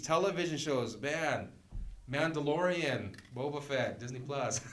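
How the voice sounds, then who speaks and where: A man's voice: medium pitch, slight background noise. Joking man preaching in an echoey church. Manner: conversational and joking, laughs often. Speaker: guest preacher. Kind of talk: sermon. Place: church sanctuary.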